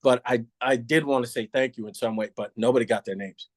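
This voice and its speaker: A man's voice: mid-range voice, brisk, no room sound. A middle-aged man, a retired police officer from New York City, telling a candid story with frequent laughs and acted-out lines. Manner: animated, laughs often, acts out others' lines.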